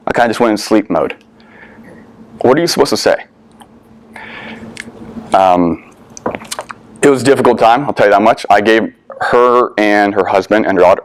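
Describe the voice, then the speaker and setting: A young adult man tells a personal war story to an audience. He is earnest and candid, with a slightly low voice and some casual swearing. The sound is dry and close, with no room echo. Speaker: veteran speaker.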